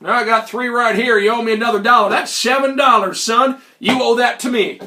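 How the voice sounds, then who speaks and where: A man's voice: extremely high pitch, steady tone, fairly quick, bright, forceful tone, voice pushed up, heavily acted. A man voicing an old male street card hustler who drawls folksy lines and calls the listener boy and son. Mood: sly, folksy.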